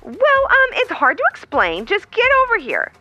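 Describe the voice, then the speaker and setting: Squealy jumpy boy chimp, as a lady reading puts him on, way up high, storybook. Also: huge pitch swings, normal speed, pushed and bright, no room sound, lo-fi sound, soft background music, exaggerated voice. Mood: anxious. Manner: pleading, frantic, squealing. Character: excitable young male chimpanzee.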